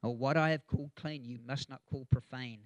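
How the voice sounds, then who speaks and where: A man's voice: medium pitch, steady tone, a little fast, no echo, highs cut off, natural voice. A man voicing a commanding divine voice from heaven, firm and declaring.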